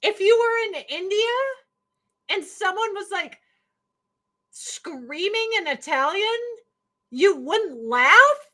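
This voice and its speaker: Woman, high bright voice, unhurried, sarcastic, profane, exasperated stream rant. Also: expressive, rough recording. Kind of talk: casual ranting commentary.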